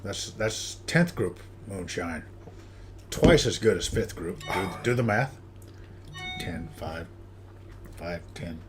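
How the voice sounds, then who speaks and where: A man's voice: sits low, lively intonation, takes it slowly, long pauses, over music. A man ribbing his friend with wisecracks during a casual livestream. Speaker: guest co-host. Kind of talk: casual banter.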